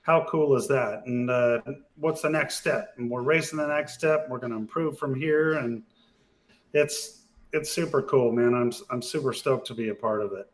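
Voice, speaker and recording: A man's voice: medium pitch, normal speed. A man speaking as a podcast guest, telling racing stories in a laid-back, casual way. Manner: laid-back storyteller, animated when retelling races. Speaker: guest, off-road racer.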